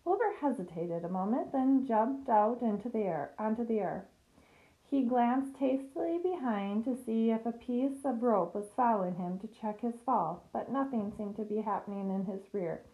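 A woman narrating a children's storybook in a steady, clear reading voice. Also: fairly high pitch, normal speed, poor audio. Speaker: reader.

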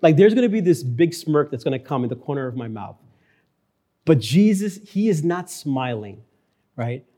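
A male pastor preaching a sermon in church, earnest, repeating key phrases and slowing down for emphasis. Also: fairly high pitch, big pitch swings, mellow.

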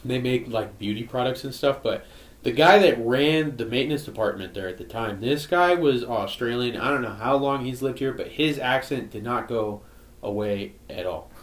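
A man's voice: medium pitch, normal speed. Casting: casual podcast guy from the western US, meandering and profane, roomy echo. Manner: rambling, lots of fillers and swearing. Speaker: podcast co-host. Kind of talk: casual chat.

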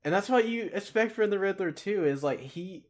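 A man's voice: sits high, expressive, normal speed. A man in a casual podcast chat who laughs a lot and often stops to restart his sentences. He acts out quotes as he talks. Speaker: podcast co-host.

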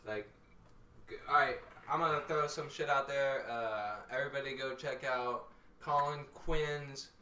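A man's voice: mid-range voice, steady tone, unhurried, sharp tone, reverberant, recorded from a distance, slight background noise, rough recording. Laughing, cursing male comic on a podcast. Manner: loose, profane, laughs often. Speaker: podcast co-host, stand-up comic. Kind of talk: casual podcast banter.

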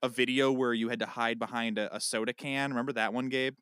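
A man co-hosting a casual chat podcast, telling an animated story and acting out a phone call. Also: mid-range voice, fast, smooth, no echo, studio quality. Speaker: podcast co-host.

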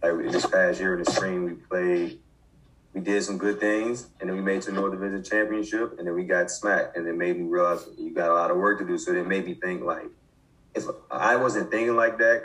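Young man, low-pitched, casual interview guest, halting speech, lots of restarts and fillers. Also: fairly even intonation, fairly bright tone, rough recording. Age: 20s. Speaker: football coach, interview guest. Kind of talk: casual conversation.

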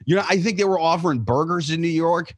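A man co-hosting a podcast in casual chat, telling stories in an animated, profane way. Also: fairly high pitch, fast, no echo, studio quality. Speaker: podcast co-host.

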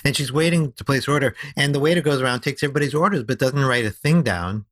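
A man talking as a podcast guest about storytelling. He explains in an animated, lively way and slows down to stress his key ideas. His voice sits at an average pitch, and the recording is close and dry. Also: no echo. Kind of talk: conversational podcast interview.

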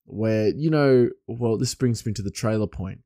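A man hosting his podcast alone, rambling loosely and chuckling, his voice a bit hoarse. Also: lowish voice, moderate pace, warm tone, dry recording, clean studio sound. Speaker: podcast host. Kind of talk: casual podcast monologue.

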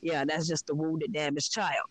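A woman's voice: deep voice, level tone, moderate pace, rough recording. A woman candidly telling her spiritual story in a frank, profane, reflective way, with many fillers.

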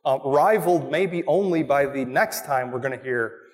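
Animated male pastor preaching in a hall. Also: medium pitch, moderate pace. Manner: animated, asks the congregation questions. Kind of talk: sermon. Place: church.

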